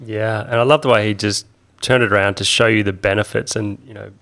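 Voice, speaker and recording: A man with a fairly low voice co-hosts a podcast. He draws out his guest with friendly questions and short agreements. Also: steady tone, brisk, pushed and bright. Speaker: podcast co-host. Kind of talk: conversational interview.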